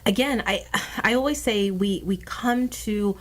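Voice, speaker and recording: A woman radio host in the studio keeps a guest talking with steady little acknowledgments. When she speaks up, she offers a reflective comment at a relaxed pace. Her voice sits at an ordinary middle pitch for a woman. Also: unhurried. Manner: attentive, frequent short backchannels. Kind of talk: interviewing a guest.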